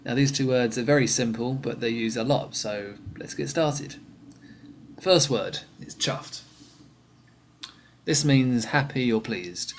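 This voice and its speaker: A man teaching slang words, speaking clearly and patiently and repeating each example slowly. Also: medium pitch, a little hiss or hum. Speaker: English teacher. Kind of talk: slang vocabulary lesson.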